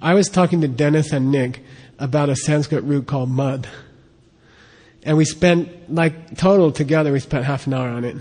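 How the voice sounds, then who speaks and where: A man leads a class in a loose, talkative way. His voice sits a bit high and he keeps pausing to ask "okay?" and repeat points. The sound rings with long reverb, as in a large hall. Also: a little mellow. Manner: chatty, repeats "okay?" to check on students. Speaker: teacher of Tibetan and Sanskrit texts. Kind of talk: informal classroom teaching.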